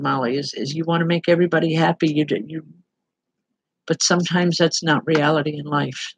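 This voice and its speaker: A woman's voice: deep voice, slightly rough, no room sound, poor audio. A woman working as a medium, giving spirit readings online and speaking directly to people by name in an earnest, plain-spoken way.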